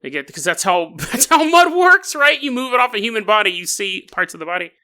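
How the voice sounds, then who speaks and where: A man hosting a podcast has a high, clean voice that's pushed and bright, with big pitch swings and a brisk pace. He retells a news story as comedy, with jokes, tangents, and laughter mid-sentence.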